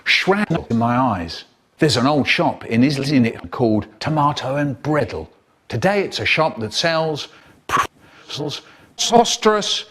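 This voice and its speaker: An older man recites comic verse with great theatre, his voice pitched slightly high and roaming wildly from low mutters to sudden high cries. He drops into whispers and bursts into shouts to act out each line. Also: a little hiss or hum. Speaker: storyteller. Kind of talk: chopped-up comic poem recital.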